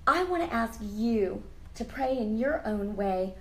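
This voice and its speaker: A high-voiced woman hosting a faith talk show. She speaks with fervent, emotional conviction, leans into earnest appeals and prays aloud. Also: animated, a little slow, a bit bright, low-quality recording. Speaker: host. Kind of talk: Christian interview show.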